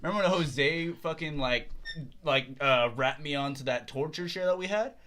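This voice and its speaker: A young man guesting on a casual podcast, joining in with quick, profane banter. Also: a little high, fairly bright tone.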